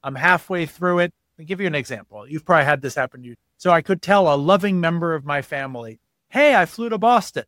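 A man's voice: on the high side, quick pace, few pauses, a bit bright, dry recording. A man as an interview guest, explaining at length and acting out quoted voices as he tells stories. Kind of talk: podcast interview.

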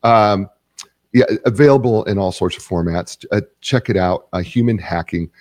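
A man's voice: lowish voice, normal speed, no echo, studio quality. A man hosting an interview show, introducing his guest and reading a sponsor spot, with plenty of ums and uhs. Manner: relaxed, many filler ums and uhs. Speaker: radio show host. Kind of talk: show host talk with sponsor read.

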